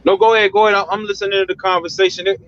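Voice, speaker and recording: A man's voice: high voice, level tone, very fast, fairly bright tone. Earnest man on a dull call line. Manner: earnest and defensive. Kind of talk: heated panel discussion.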